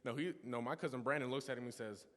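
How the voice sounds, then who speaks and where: A teen boy delivers an earnest testimony in a church sanctuary, his mid-range voice quick and a bit bright. He tells his stories with many restarts and side comments, all under long church reverb.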